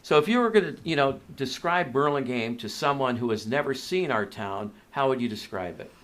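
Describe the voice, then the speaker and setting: A man's voice: mid-range voice, lively intonation, a little fast, fairly bright tone. Folksy man hosting a library podcast. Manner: chatty, folksy, affirming with short replies. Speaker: podcast host. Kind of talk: casual interview. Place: library conference room.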